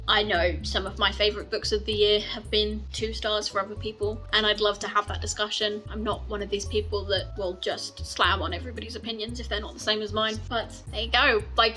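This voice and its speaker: A woman's voice: mid-range voice, pushed and bright. A woman book vlogger giving casual recommendations, gushing and rambling in a chatty way with frequent laughs.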